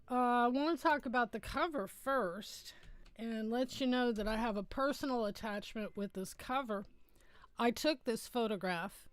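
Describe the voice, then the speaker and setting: A woman's voice: on the high side, smooth, no echo. A middle-aged woman hosting a casual livestream from home, chatting in a rambling way and correcting herself as she goes.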